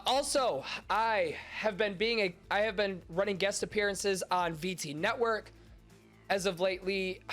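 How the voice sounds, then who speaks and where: This high-pitched, slightly bright voice belongs to a young man running a podcast stream and talking crudely and casually with his chat. His nose is stuffed up from allergies, giving him a nasal sound, and he's full of swearing, jokes, and self-mockery.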